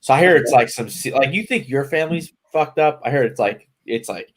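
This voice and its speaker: A man's voice: mid-range voice, lively intonation, brisk. Rambling man in casual chat. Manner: rambling, leans on "like" and restarts. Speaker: podcast co-host.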